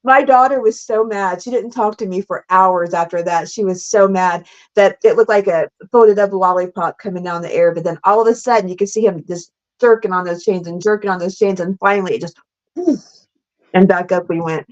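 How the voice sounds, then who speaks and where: A middle-aged woman, a guest in a casual storytelling interview, tells stunt stories in a mid-range voice, animated and laughing in fast bursts. She says "like" and "super freaking cool" a lot, and the lo-fi recording sounds slightly dull.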